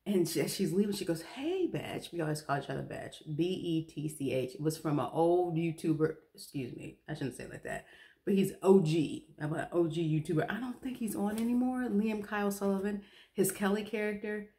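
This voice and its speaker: Low-voiced young woman vlogging, chatty and self-mocking, laughs a lot. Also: fairly quick, warm tone. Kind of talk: casual chat to camera.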